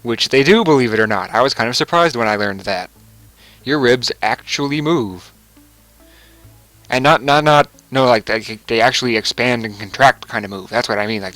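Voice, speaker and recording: A man's voice: medium pitch, a bit bright, no room sound, low-quality recording. Rambling young man with a chuckle. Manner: rambling, chuckling, self-correcting. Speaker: gaming video commentator. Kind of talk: casual let's play commentary.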